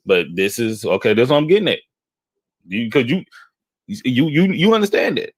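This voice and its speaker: A man from Houston, Texas, co-hosting a casual chat and telling animated, rambling anecdotes, often checking in with "okay?". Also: mid-range voice, normal speed, breathy edge, dry recording. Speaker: podcast co-host.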